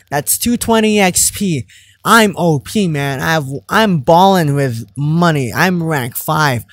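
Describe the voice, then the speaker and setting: Excitable joking male gamer. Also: a little high, dry recording. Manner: excitable, joking, loud outbursts. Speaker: gamer, channel host. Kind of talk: let's play commentary.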